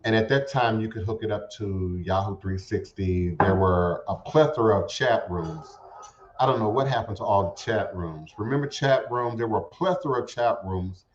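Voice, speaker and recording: Low-voiced man rambling on internet radio. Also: a little hiss or hum. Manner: rambling, halting with repeated words. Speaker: radio show host. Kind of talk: casual spiritual talk show monologue. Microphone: home setup streamed to internet radio. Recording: roomy, dull lo-fi internet radio audio.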